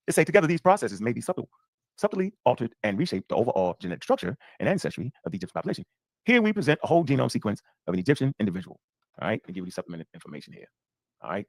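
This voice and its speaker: A man's voice: medium pitch, no room sound, studio quality. A man reading an article aloud and riffing on it in casual reaction commentary. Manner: rapid, animated, reads aloud and riffs.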